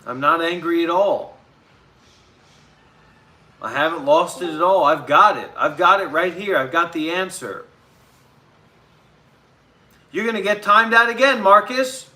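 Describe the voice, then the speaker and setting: A man's voice: a little high, measured pace, pauses often, sharp tone. A man hosting his own live stream, ranting and combative toward his chat.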